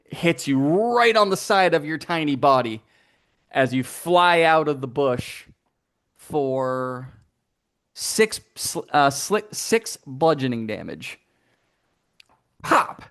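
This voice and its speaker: A man narrating as game master of a tabletop game, playful and animated, with sound effects. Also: a little high, slow.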